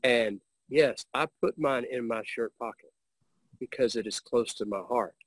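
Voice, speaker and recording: A man's voice: medium pitch, a little slow, no echo, rough recording. A man on a webinar panel, speaking earnestly about a custom he learned abroad.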